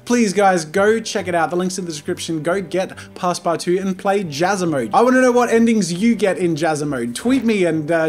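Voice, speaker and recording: High-voiced enthusiastic male game streamer. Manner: enthusiastic, chatty, quick asides. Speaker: host. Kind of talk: game let's play commentary.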